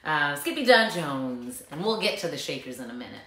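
Animated woman reading to children. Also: deep voice, a little fast, a little hiss or hum. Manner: animated, coaxing, talks to the children. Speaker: teacher reading aloud. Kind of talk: interactive children's read-aloud. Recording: echoey room.

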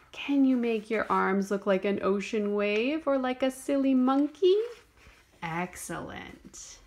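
Lady teacher reading a kids' book out loud, bouncy and sing-song, takes it slow and high. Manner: lively sing-song storybook reading, encouraging prompts. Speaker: dance teacher. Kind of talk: children's movement lesson with read-aloud.

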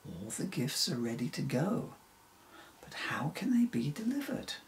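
A man playing a kindly older Santa in a storybook, unhurried and gently knowing, with a gravelly texture and lively rise and fall. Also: on the high side, slight background noise.

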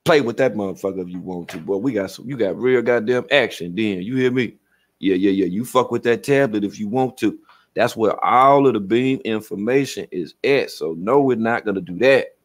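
A man's voice: fairly low pitch, moderate pace. Profane man ranting on a livestream. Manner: profane, animated storytelling with acted-out quotes. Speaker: livestream host. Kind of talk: casual livestream rant.

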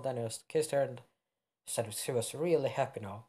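Young man, fan-fiction storyteller, rambling, self-correcting, fillers, mid pitch. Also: a little fast, mellow. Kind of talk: improvised fan-fiction narration.

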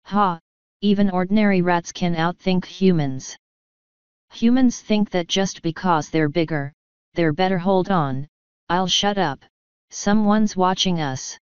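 A woman voicing a sly, scheming male tomcat in an audiobook, wheedling and talking in quick asides. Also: lowish voice, smooth, dry recording, highs cut off, natural voice. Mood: grumbling. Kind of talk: audiobook character voice.

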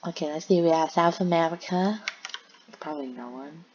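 At a medium pitch and normal speed, a gameplay commentator mumbles and rambles to themself while looking through game servers. The audio comes from a home headset or desk mic, lo-fi and dull with faint hiss.

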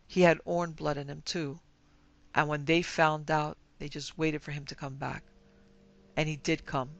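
A man voicing a fearful older shopkeeper, telling rumors in a hushed, rambling way in a storybook reading. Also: on the high side, little pitch movement, measured pace, gravelly, highs cut off. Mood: uneasy. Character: fearful older male small-town shopkeeper.

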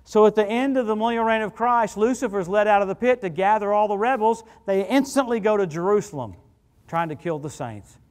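A middle-aged man preaching as a guest minister, telling stories in an animated, conversational way. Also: high-pitched, brisk. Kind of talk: sermon. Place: church sanctuary. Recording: church hall reverb.

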